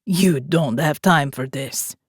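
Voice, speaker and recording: A woman voicing a rough young Italian man with an Italian accent, sneering and pleading by turns. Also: medium pitch, animated, slow, dry recording, studio quality.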